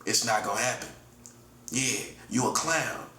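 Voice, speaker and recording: A self-styled prophet in his forties delivers a confrontational monologue, repeating himself combatively and calling the listener "buddy" again and again. His medium-pitched voice is bright and forceful, and he speaks unhurriedly. The room echoes, with faint ambience behind him.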